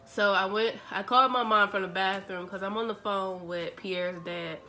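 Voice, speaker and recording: A young woman, telling a story to her vlog audience in a chatty, animated way, acting out the dialogue. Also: mid-range voice, moderate pace, soft background music. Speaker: vlogger. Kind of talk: casual storytelling.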